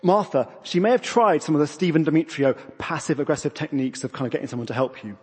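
Man, 30s, preacher, casual self-deprecating sermon, husky, long church reverb. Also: on the high side, fast. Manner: conversational, self-deprecating, with acted asides.

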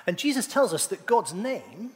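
A middle-aged male pastor delivers a sermon, asking his congregation questions in a playful manner. His voice sits on the higher side and moves up and down in a lively way. The sound carries the long reverb of a church hall. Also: normal speed. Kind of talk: sermon with congregation call-and-response.

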